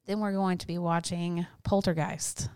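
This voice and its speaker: A woman's voice: fairly low pitch, little pitch movement, normal speed, a crowd in the background. A middle-aged woman co-hosting a podcast, chatting loosely and laughing often. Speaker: podcast co-host. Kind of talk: casual chat.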